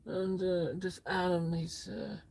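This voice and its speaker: A vain, theatrical male rock star purrs in a hushed voice, calling everyone darling while a woman acts him out. The tone is low and gravelly, and the pace is slow. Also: steady tone, exaggerated voice. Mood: haughty. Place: inside a parked car at night.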